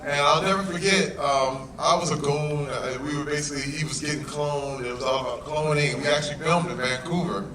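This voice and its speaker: A man telling a story at a premiere Q&A, lively and laughing, acting out quotes. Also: a little high, fairly quick, few pauses. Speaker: guest actor at a premiere Q&A. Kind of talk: animated storytelling in a Q&A. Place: large cinema hall with audience. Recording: echoey hall recorded from far off. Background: loud audience crowd.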